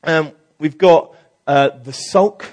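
A man leading a church team, giving a casual, lively sermon with many fillers and acted-out quotes. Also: on the high side, takes it slowly. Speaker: church team leader preaching.

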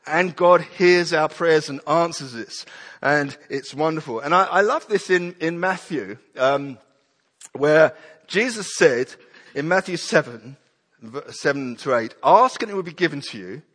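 A man's voice: on the high side, a bit bright, husky, in a large hall. A man preaching a sermon, animatedly acting out prayers and children's voices.

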